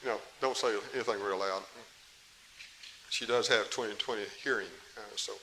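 A man's voice: on the low side, steady tone, moderate pace. A middle-aged man preaching a sermon in a folksy, emphatic way, with asides to the congregation. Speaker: pastor. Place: church. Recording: faint hiss, 1990s tape.

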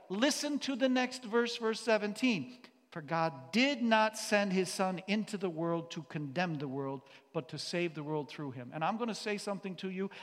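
A man with a high voice preaches a sermon in a hall. He speaks with passion, with sudden loud outbursts that give way to quiet, earnest passages. The hall's long reverb trails after his words. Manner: impassioned, shifts between loud outbursts and quiet earnest stretches. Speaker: teacher and pastor. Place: church or hall.

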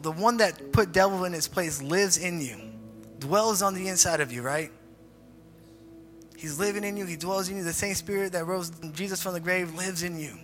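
A man's voice: sits high, a bit bright. A man preaching as a youth pastor in a casual, repetitive style, leading a group prayer. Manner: informal, repeats phrases, leads group prayer. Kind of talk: casual youth sermon with altar call. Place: church hall. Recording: reverberant hall with faint music.

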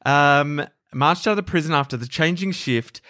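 A man's voice: fairly high pitch, normal speed, no echo, clean studio sound. A man, co-hosting a podcast and casually retelling history with jokes and fillers. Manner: animated, jokey, with frequent fillers and playful voices. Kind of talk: casual storytelling chat.

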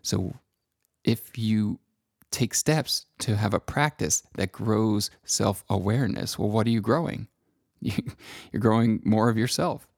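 A middle-aged man speaking slowly and gently in a reflective personal monologue about feelings, with long pauses. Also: fairly low pitch, creaky, dry recording, clean studio sound. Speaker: self-help speaker.

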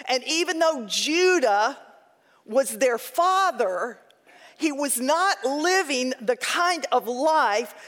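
High-voiced woman teaching in a reverberant hall. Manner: lively, humorous anecdotes. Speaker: Bible study teacher. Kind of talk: Bible teaching with personal storytelling.

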